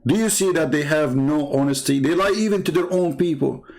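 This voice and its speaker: A man's voice: a little high, fairly quick, a little mellow. A man hosting an online show, commenting on a clip with a mocking, sarcastic manner and broken English.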